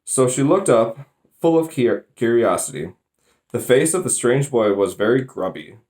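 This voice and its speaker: A man reading a children's novel aloud in a plain, even manner, with small slips now and then. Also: medium pitch, normal speed. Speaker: storybook reader.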